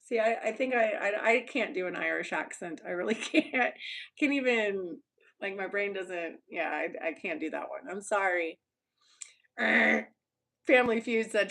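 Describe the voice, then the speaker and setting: A young woman with a Texan accent chats on a live stream at an unhurried, drawn-out pace. Her voice sits at an ordinary middle pitch. She talks bluntly and loosely, swears freely and laughs a lot. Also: animated, creaky, fairly bright tone. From Texas. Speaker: YouTuber. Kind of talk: casual live-stream chat with viewers.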